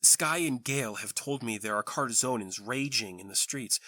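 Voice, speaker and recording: A man voicing a formal, measured stallion commander who teases dryly, in a fan audio drama. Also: medium pitch, bright, forceful tone, dry recording, lightly acted.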